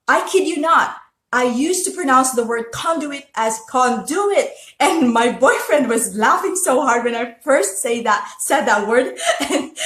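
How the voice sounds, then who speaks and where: A woman's voice: on the high side, fairly bright tone, reverberant. A woman from the Philippines with a Filipino accent, talking earnestly and chattily to her viewers in a casual motivational talk. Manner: earnest and chatty, with frequent restarts and laughs. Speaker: host.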